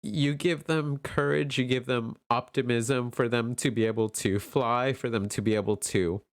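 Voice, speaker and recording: Guy doing a pick-a-card tarot reading, tearful and emotional, smooth clear voice. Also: mid-range voice, fairly even intonation, moderate pace, no echo, clean studio sound. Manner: gentle, affirming, emotional. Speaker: tarot reader.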